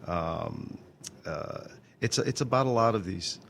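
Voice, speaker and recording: A man's voice: on the low side, lively intonation, gravelly, fairly bright tone, slight background noise. A man in his fifties, a guest in an interview, talking candidly with many halts and restarts. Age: 50s. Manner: halting, many restarts and repeated words. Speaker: interview guest, actor and songwriter.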